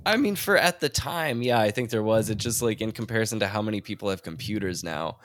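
A man's voice: lowish voice, lively intonation, fast talker, a bit bright, slight background noise. A man co-hosting a casual podcast chat, rambling through stories with fillers and laughs. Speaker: podcast co-host.

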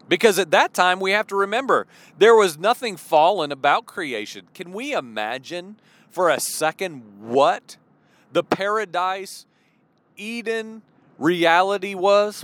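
A man's voice: sits high, fairly bright tone, no echo. A man giving an earnest sermon-style teaching, full of rhetorical questions and restarts. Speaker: preacher.

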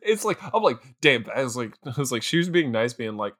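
A man chats about a movie, giggling constantly as he talks. His voice is breathy and swings widely in pitch, recorded dry and close. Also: sing-song, fairly quick, sharp tone, no echo. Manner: giggly, laughs through his words. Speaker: podcast co-host. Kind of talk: casual movie chat.

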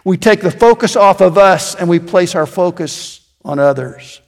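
A man pastor delivers a sermon in a high, lifted voice. He tells stories and sinks into quiet emphasis on the key phrases. His words carry a long reverb, as in a big hall. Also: moderate pace. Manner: storytelling preacher, dropping to quiet emphasis.

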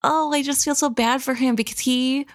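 A woman's voice: high-pitched, fairly even intonation, normal speed, dry recording, studio quality. A woman co-hosting a book podcast, talking about the story in a chatty, empathetic way. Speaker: podcast co-host. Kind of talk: casual book discussion.

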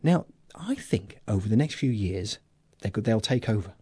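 A man's voice: fairly low pitch, very animated, moderate pace, warm tone, husky, no room sound, clean studio sound. A man from England hosting a local podcast, chatting in a jokey, rambling way with lots of fillers. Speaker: podcast host. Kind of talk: casual chat.

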